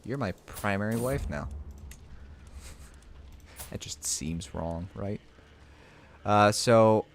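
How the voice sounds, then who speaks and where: Low-voiced man streaming a strategy game. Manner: thinks out loud, reads game text aloud. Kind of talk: casual live gameplay commentary.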